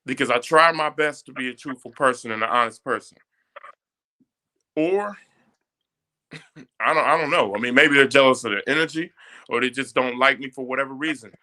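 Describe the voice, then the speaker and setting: A man's voice: medium pitch, normal speed, pauses often, sharp tone, slight background noise. A man in a casual group discussion, telling a story emphatically and turning it into a moral point.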